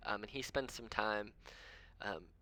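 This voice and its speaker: Bright low-voiced man narrating a tabletop game. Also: measured pace. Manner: rambling, lots of ums, chuckles often. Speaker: game master.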